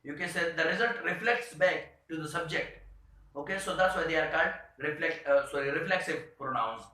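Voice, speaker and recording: A man teaching an English grammar lesson, speaking haltingly with many "uh" and "you can say" fillers. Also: fairly high pitch, bright, forceful tone. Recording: very echoey room.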